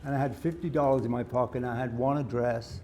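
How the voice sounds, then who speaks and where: An older man with an English accent interviewing onstage, telling animated anecdotes and laughing often. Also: medium pitch, quick pace, slight background noise. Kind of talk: onstage conversation. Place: live event before an audience.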